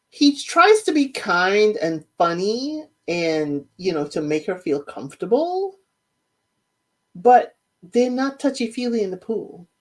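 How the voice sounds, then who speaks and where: A woman giving a chatty, sassy spoken recap of a reality show, talking straight to her listeners and acting out what people said. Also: medium pitch. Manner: chatty, sassy, quotes people in animated voices.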